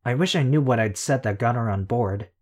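A sharp, sardonic teenage schemer, read by a male narrator in an audiobook. Her lines come slightly higher than his narration and move briskly, with a dry, knowing edge. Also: close to an everyday voice. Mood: wry. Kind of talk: audiobook character voice.

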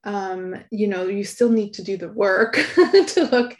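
Earnest soft-spoken middle-aged woman. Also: mid-range voice, steady tone, measured pace. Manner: soft, earnest, laughs often. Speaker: guest, author. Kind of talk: reflective interview talk.

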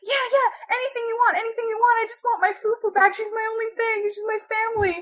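A woman voicing a frantic old lady who begs to get her lost poodle back, in a high quavering voice. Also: fairly even intonation, fast, a bit bright. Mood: pleading.

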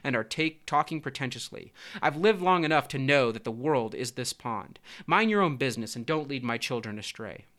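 A man's voice: mid-range voice, animated, moderate pace, hardly any pauses, fairly bright tone, close to an everyday voice. A man voicing an old mother frog who scolds and dismisses. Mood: scornful.

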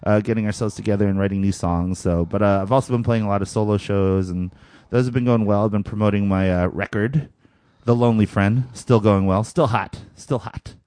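A man's voice: lowish voice, a little fast, a little mellow, no room sound. A man co-hosting a podcast in casual chat, laid-back, laughing often and filling with "uh" and "you know". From Philadelphia. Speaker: podcast co-host.

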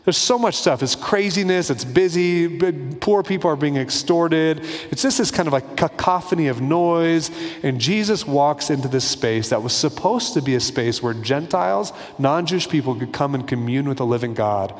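A man's voice: a little high, animated, normal speed. Conversational male preacher in a reverberant hall. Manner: conversational, acts out little dialogues. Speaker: pastor. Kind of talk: sermon.

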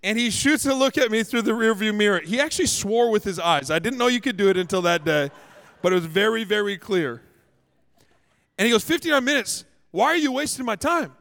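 A man's voice: high voice, lively intonation, fairly quick, a bit bright. A male pastor from Canada giving a humorous, storytelling sermon with emphatic delivery. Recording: echoey hall.

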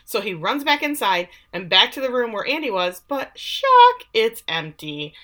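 A woman's voice: mid-range voice, big pitch swings, moderate pace, bright, forceful tone. A woman co-hosting a podcast, recapping a TV episode in casual chat with sarcastic asides and lots of fillers. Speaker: podcast co-host.

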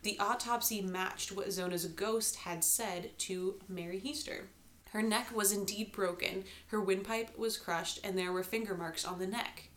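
A woman's voice: mid-range voice, steady tone, measured pace, a bit bright. Woman narrating a historical ghost story. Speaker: podcast host. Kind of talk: storytelling true-crime podcast narration.

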